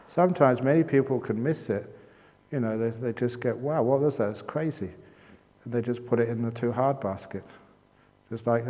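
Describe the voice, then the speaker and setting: A man's voice: mid-range voice, warm tone. Playful male meditation teacher in a hall. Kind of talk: dharma talk at a meditation retreat. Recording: long reverb of a hall.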